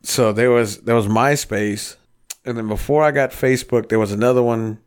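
A man's voice: mid-range voice, fairly even intonation, moderate pace, smooth. A man in his thirties hosting a casual podcast, telling long rambling stories full of swearing. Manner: profane, rambling storyteller. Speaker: podcast host.

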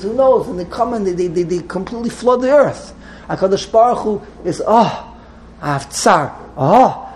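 A man's voice: sits high, darkish tone, a little hiss or hum, rough recording. A man teaching a text class to a small group, wandering off into side stories and restarting his sentences often. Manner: digressive, restarts often, mixes Hebrew terms.

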